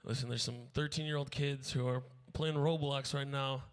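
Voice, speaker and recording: A man's voice: medium pitch, steady tone, moderate pace. A man hosting a live comedy stream, chatting in a laid-back, rambling way. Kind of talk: casual chat.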